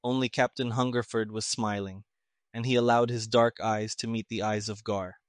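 Man narrating an audiobook, steady and dry. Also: on the low side, moderate pace, clear, resonant tone, dry recording.

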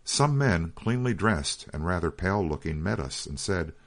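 A man narrating a written story in a measured, steady storytelling reading. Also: sits low. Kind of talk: scripted audiobook narration.

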